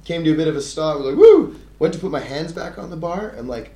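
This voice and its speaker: Australian guy, animated storyteller, casual chat, echoey room. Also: on the high side, rapid-fire. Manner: animated storytelling, acts out quoted voices, laughs often. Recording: echoey room with faint noise.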